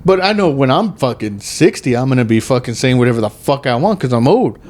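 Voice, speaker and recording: A man's voice: mid-range voice, sing-song, a little fast, darkish tone. A man in his thirties hosting a podcast, rambling and joking with heavy swearing in casual chat. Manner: profane, rambling, jokey. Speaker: podcast host.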